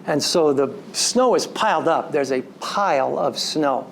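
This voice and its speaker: A man giving a storytelling lecture to an audience, recounting a personal story in an animated way and slipping into quoted dialogue. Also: on the high side, a little slow, vocal fry, slight background noise. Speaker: story coach.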